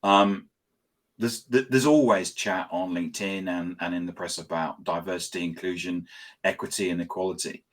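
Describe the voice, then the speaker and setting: A man's voice: low-pitched, fairly even intonation, normal speed, a bit bright. A man hosting an interview show, talking casually with lots of fillers and restarts and a dry sarcastic streak. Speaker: host.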